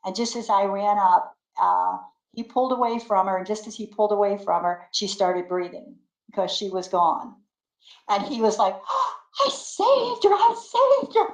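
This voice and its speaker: An older woman, a great-grandmother, telling lively stories in a casual interview, acting out the quotes and laughing often. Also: medium pitch, normal speed, gravelly, reverberant, low-quality recording. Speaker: guest.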